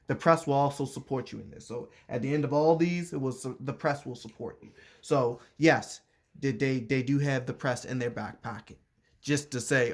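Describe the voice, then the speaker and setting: A man's voice: mid-range voice, moderate pace. A man reading a letter aloud and commenting on it in casual chat, repeating his points and restarting sentences as he goes.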